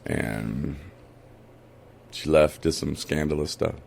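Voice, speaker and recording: Man, very deep voice, gravelly, dry teasing, casual podcast, faint hiss. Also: takes it slowly, darkish tone. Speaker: podcast co-host. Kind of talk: casual chat.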